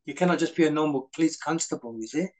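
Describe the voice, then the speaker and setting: A middle-aged British man, a former stuntman appearing as a guest in a casual interview, speaks fast in a slightly high voice. He tells anecdotes packed with quoted dialogue and filler words. The audio quality is poor.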